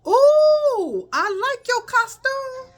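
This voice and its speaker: A woman voicing a delighted adult woman at a door who gushes over a child's homemade costume, drawn out and high. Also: sing-song, drawn-out words, heavily acted.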